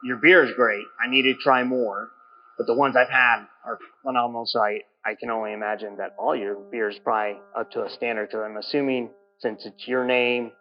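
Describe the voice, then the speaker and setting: A man's voice: mid-range voice, fairly even intonation, a little fast, highs cut off, faint music behind. A man hosting a podcast interview in a brewery taproom, chatting in a rambling way with many restarts. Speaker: podcast host. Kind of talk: casual interview chat.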